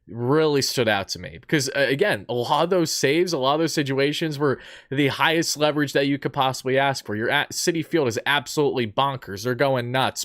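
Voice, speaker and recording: A man's voice: mid-range voice, a bit bright, no room sound, clean studio sound. A man hosting a sports interview, talking eagerly as a fan, with frequent uh fillers. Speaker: podcast host. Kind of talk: fan-focused sports talk.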